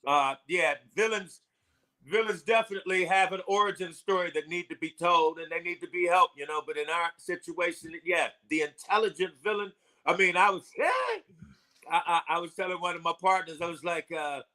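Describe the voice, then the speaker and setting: A man's voice: high-pitched, expressive, moderate pace, bright, forceful tone. A man co-hosting a casual sports podcast, rambling loosely with many fillers.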